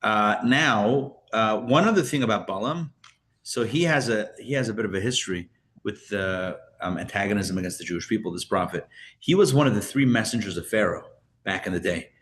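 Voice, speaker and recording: A man's voice: on the low side, animated, brisk, fairly bright tone, slight background noise. A man teaching a live Torah class as a rabbi, chatty and full of fillers and restarts, with joking asides.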